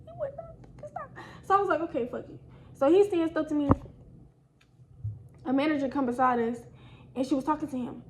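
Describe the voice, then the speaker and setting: Young woman vlogger, high voice, chatty storytime delivery with light background hiss. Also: brisk, long pauses. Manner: animated, slangy, addresses viewers as y'all. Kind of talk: casual storytime.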